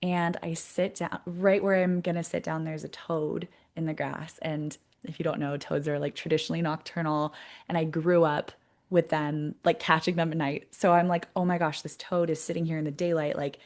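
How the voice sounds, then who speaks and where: A woman with a slightly low voice talks as a podcast guest. She tells her story in a lively, conversational way and laughs often. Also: moderate pace. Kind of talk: casual interview storytelling.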